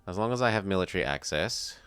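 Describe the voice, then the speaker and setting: A man's voice: low-pitched, animated, fast, a bit bright, faint music behind. An Australian man from South Australia, chatting casually as he streams a strategy game, thinking aloud and answering viewers. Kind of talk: casual live gameplay commentary.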